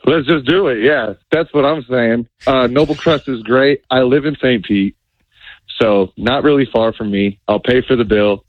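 A man's voice: medium pitch, moderate pace, dry recording. A man calling in to a radio show, speaking in a hesitant, matter-of-fact way. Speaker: caller. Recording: dull phone-line sound.

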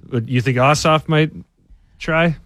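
A man's voice: a little high, slow pace, a bit bright, no echo, clean studio sound. A man co-hosting a radio talk show, musing and agreeing in casual political chat.

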